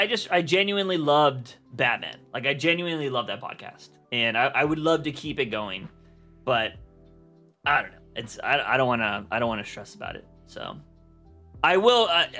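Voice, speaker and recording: A man's voice: medium pitch, lively intonation, moderate pace, pushed and bright, faint music behind. A young man chatting casually on a livestream, rambling with lots of fillers and restarts. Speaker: streamer.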